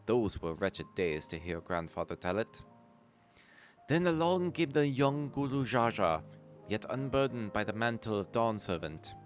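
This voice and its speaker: Guy doing a small formal storyteller, measured solemn tale-telling, lowish voice, game dialogue read aloud. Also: sing-song, faint music behind.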